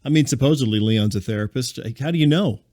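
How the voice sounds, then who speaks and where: A man hosting a comedy podcast, telling a rambling story in a deadpan, conversational way. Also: mid-range voice, quick pace, dry recording, studio quality. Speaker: podcast host and narrator. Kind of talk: comedic monologue.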